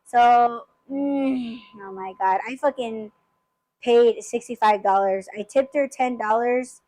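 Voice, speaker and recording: A woman's voice: fairly high pitch, slow, a little mellow, dry recording, rough recording. A woman hosting a podcast, telling a story in casual chat, swearing freely and rambling with lots of fillers. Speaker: podcast host.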